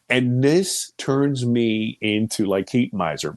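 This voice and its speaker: A man in his fifties telling a personal story in an interview, with a pitch that leaps and falls as he talks. He swings from loud exclamations down to hushed near-whispers. The sound is dry and close, with no room echo. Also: lively intonation, measured pace, hardly any pauses. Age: 50s.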